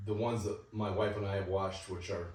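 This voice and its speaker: Chuckling male host in a booming room. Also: flat delivery, fairly quick, darkish tone, recorded from a distance, slight background noise. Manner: eager, chuckling, chiming in over the guest. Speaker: podcast host. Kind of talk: casual interview. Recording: very echoey room, off mic.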